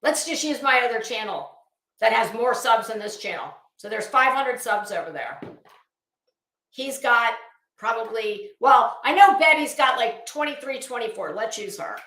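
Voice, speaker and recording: A woman's voice: fairly high pitch, lively intonation, moderate pace, sharp tone. A middle-aged woman giving a casual, blunt and profane rant as a YouTube commentator, heavy on sarcasm. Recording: roomy echo.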